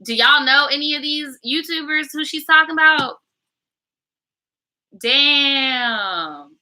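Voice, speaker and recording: This woman's high voice is animated, pushed and bright, and she takes things slowly, heard through a rough recording. Hosting a storytime channel, she reacts to a viewer's story in casual chat that's blunt, slangy, and profane.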